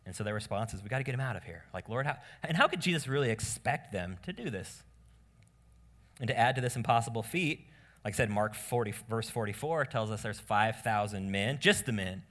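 A man preaching a sermon as pastor, animated and casual, acting out voices of the people in the story. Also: lowish voice, a little fast. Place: church room with congregation.

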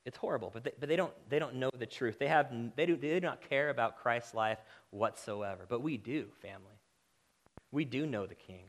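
Impassioned male preacher with emphatic swings. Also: a little fast. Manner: impassioned, rising to emphatic peaks then dropping low. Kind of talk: sermon.

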